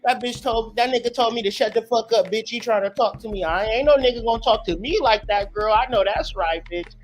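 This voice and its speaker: An indignant young woman, played by a man, vents in a fast, profane, sassy rush. She sounds fed up and sure of herself. Faint music runs behind her. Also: high voice, lightly acted.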